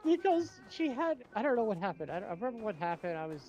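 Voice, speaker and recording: A speaker with a middle-high voice telling a story from their school days in a loose, hesitant way. They stop and restart often and laugh easily. Music plays clearly in the background. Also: sing-song, fast talker, dark tone, highs cut off. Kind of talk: casual chat.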